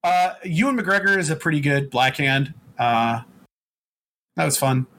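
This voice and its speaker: Man, slightly high voice, bright and forceful, rambling profane game recap, casual chat. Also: animated, measured pace.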